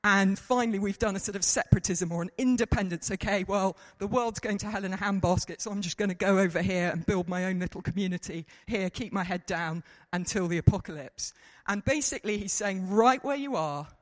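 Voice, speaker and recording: A man preaching a lively sermon to a congregation, joking at his own expense. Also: high-pitched, a little fast, hardly any pauses. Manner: lively, self-mocking, mimics people in quotes. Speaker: pastor. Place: church hall. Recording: reverberant hall.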